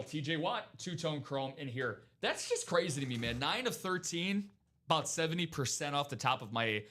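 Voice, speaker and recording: A man's voice: mid-range voice, a bit bright. Upbeat man hosting a card break. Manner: upbeat, hyping deals to viewers. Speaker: host of a live card break stream. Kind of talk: casual sports chat and sales pitch.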